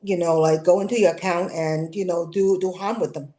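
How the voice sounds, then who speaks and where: She asks her questions hesitantly, restarting and filling pauses as she goes. Her voice is slightly low and mellow. The room around her sounds echoey. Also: steady tone. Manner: hesitant, many fillers. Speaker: client. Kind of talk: casual conversation.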